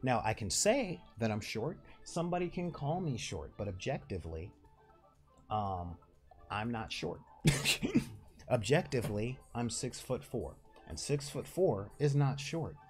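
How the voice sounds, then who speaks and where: With faint music behind him, a nasal-voiced Southern California man hosts his own channel, rambling casually to camera with laughs and restarts. His mid-range voice is sing-song, a little mellow, and measured in pace.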